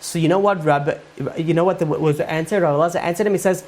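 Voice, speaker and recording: A man's voice: fairly high pitch, fairly even intonation, fast, darkish tone. A man, a rabbi, giving an informal Torah class, retelling Talmud stories in a conversational way with many fillers.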